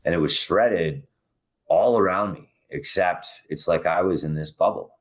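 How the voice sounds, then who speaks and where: Deep husky-voiced man telling his story. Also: unhurried. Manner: raw, intense, voice rising and dropping with emotion. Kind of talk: emotional first-person storytelling.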